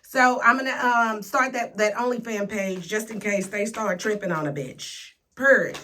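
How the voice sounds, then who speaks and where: A woman's voice: medium pitch, measured pace, sharp tone. A woman giving a casual, sassy tarot reading, talking straight to her viewers with playful slang. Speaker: tarot reader.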